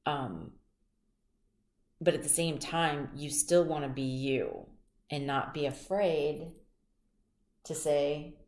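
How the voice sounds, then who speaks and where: Slow, low-voiced woman tarot reader. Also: darkish tone, roomy sound. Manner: chatty, rambling, personal storytelling. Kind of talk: casual tarot reading monologue.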